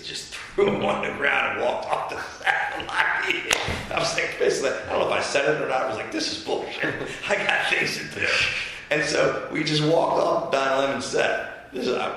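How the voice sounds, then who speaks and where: A man telling a story in a casual interview, acting out what others said. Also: fairly low pitch. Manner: animated storyteller who acts out quotes. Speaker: former governor being interviewed. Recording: very echoey room.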